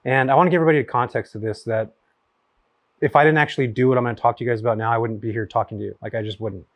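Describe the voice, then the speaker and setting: A man in his forties from California, a guest telling stories at his home in a casual chat, rapid and full of fillers. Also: mid-range voice, dry recording. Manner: rapid, animated storyteller with many fillers. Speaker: guest, real estate investor.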